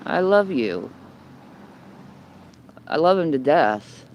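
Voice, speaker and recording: The recording is muffled with a little hiss or hum: a woman holding her phone under a building's overhang in the cold, livestreaming a homeless rant. Deep-voiced, very animated, and slow, she rambles bluntly and combatively, swearing heavily and repeating phrases.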